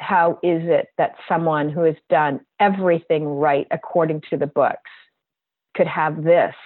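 A woman guest who practices bodywork tells a personal story in a low voice, earnest and heartfelt, slow and reflective. The recording is dry, on a tinny, phone-like line.

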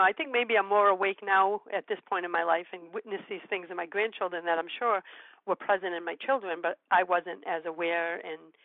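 Older lady radio host, gentle storyteller, sounds like she's on the phone, super dry. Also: on the low side, dry recording. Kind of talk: casual interview chat. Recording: tinny phone-line sound.

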